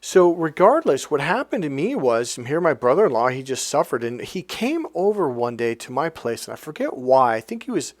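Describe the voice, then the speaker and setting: A man's voice: fairly high pitch, sing-song, normal speed, few pauses, no echo. A man, a life coach, telling a personal story in a rambling, blunt, casual way, swearing now and then.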